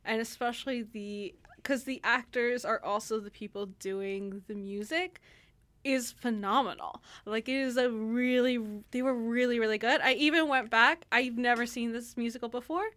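A young woman chats through a play review on a radio talk show, her voice sitting a little high. She talks loosely, circling back with fillers and restarts. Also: moderate pace, fairly bright tone. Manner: chatty, lots of fillers and restarts, laughs easily. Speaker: theatre reviewer. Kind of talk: casual radio chat.

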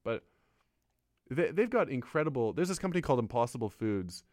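A man's voice: medium pitch, no echo, clean studio sound. A man riffing casually on a radio show, rambling and mocking himself. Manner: rambling, self-mocking, animated. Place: radio studio.

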